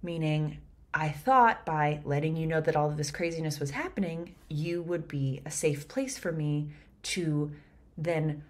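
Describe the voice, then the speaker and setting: A woman and actor explaining a Shakespeare scene line by line, lively and chatty with quick laughs. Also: low voice.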